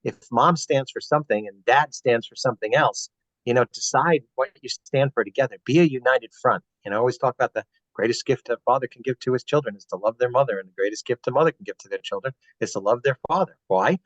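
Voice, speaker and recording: A man's voice: medium pitch, fast, no echo. Earnest man advising parents. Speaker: guest speaker. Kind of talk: webinar talk. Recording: dull, dry webinar audio.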